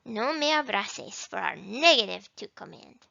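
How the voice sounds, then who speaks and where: Woman teacher doing an intro lesson, slow and careful, really bouncy high voice, kinda dull lo-fi sound. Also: expressive, gravelly, sharp tone, no room sound. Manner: slow, careful modeling of Spanish words. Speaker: Spanish teacher.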